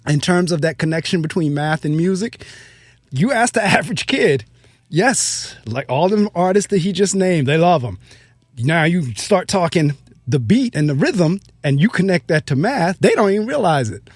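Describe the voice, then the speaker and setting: A man's voice: a little high, animated, moderate pace, no echo, studio quality. A man hosting an interview in a casual way, who keeps affirming and agreeing with his guest. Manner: affirming, keeps saying it's correct. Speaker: host.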